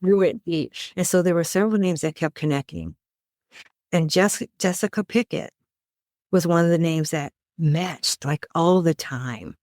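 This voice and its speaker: A woman's voice: on the low side, a little slow, a little mellow, dry recording, studio quality. A middle-aged woman, a podcast guest, earnestly recounting a personal story with emphatic, vivid detail.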